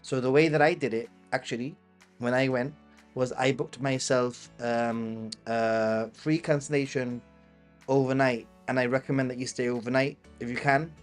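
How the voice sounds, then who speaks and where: A man's voice: medium pitch, fairly even intonation, moderate pace. Chatty Gibraltarian man, faint music behind. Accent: Gibraltarian English. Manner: chatty, reads viewer questions and answers them off the cuff. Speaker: travel channel host. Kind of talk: live-stream Q&A.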